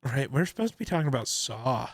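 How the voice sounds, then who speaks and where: A man's voice: mid-range voice, very animated, quick pace, slightly rough, dry recording, studio quality. A young man co-hosting a casual podcast chat about a movie, joking and teasing and often breaking into laughter. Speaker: podcast co-host.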